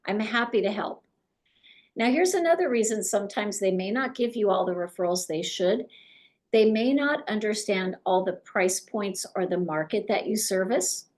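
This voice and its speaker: A middle-aged woman coaching real estate agents in an animated way, acting out conversations with clients. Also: medium pitch, normal speed.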